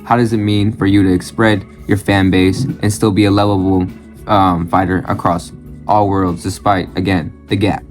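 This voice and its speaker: A man's voice: low voice, level tone, moderate pace, soft background music. A man giving blunt reaction commentary on his own channel, ranting and swearing freely, often repeating phrases in bursts. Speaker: channel host.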